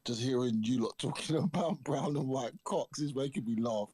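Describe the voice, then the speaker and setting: A man's voice: mid-range voice, normal speed, darkish tone, breathy edge, dry recording. Guy trying not to laugh, dead dry sound, no room at all. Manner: amused, holding back laughter. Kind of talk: casual livestream chat.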